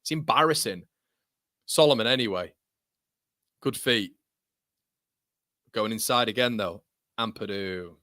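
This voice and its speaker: A man's voice: fairly low pitch, bright, forceful tone, dry recording, clean studio sound. A man hosting a live football watchalong, reacting to play with heated, exasperated rants and frequent swearing. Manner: rapid reactions to the action. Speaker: football fan channel host. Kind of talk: live match watchalong commentary.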